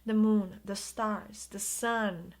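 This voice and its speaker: A woman giving an intuitive tarot reading in a soft, soothing way, drawing out her words of reassurance. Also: mid-range voice, fairly even intonation, slow pace. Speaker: tarot reader.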